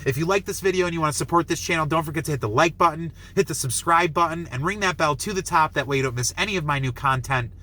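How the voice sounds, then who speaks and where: A young man reviewing a film, retelling the plot in an excited, rambling way full of "like" and acting out lines. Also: a little high, quick pace, few pauses. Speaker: movie reviewer. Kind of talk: enthusiastic movie review.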